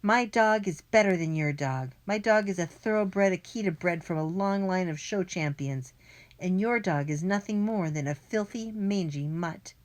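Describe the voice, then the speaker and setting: A woman's voice: on the low side, moderate pace, lightly acted. A woman reading an audiobook, voicing a bullying, greedy adult man who blusters, screams and wheezes. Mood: scornful. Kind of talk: audiobook character voice.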